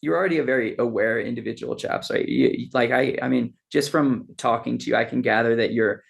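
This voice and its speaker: A man with a gravelly, mid-pitched voice tells long stories in a relaxed podcast conversation. He talks loosely and with energy, dropping "dude" and "man" into nearly every thought. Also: a little fast. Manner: animated storyteller, says "dude" and "man" a lot. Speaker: podcast guest. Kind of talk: casual podcast chat.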